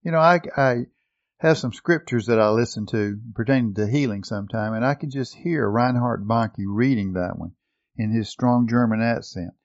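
A man's voice: medium pitch, normal speed, no room sound, lo-fi sound. A man preaching a sermon, reading scripture aloud with rising emphasis and asking his listeners questions.

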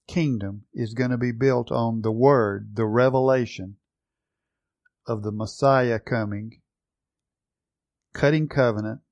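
Male preacher, earnest and emphatic, slow delivery, dry close recording. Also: medium pitch, a little mellow, no echo. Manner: earnest, emphatic Bible teaching with slow stressed phrases. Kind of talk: sermon.

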